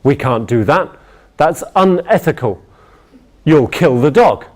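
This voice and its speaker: A man's voice: on the high side, unhurried. A man voicing a glum, unamused male customer in an acted-out anecdote. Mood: grumpy. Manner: flat, grumpy.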